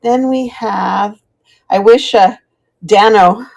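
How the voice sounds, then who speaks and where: A woman's voice: mid-range voice, slow pace, gravelly, a little mellow. A middle-aged woman chatting as she sells vintage items on a live stream, thanking viewers by name. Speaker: live auction seller. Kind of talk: live-stream selling chat.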